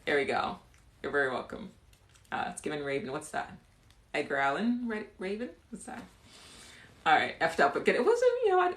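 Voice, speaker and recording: A woman hosting a livestream and improvising a bedtime story, chatty and giggly, dropping to a hushed voice for the story. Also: on the low side, a little hiss or hum. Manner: giggly, chatty, breaks into laughter. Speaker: livestream host. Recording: echoey room.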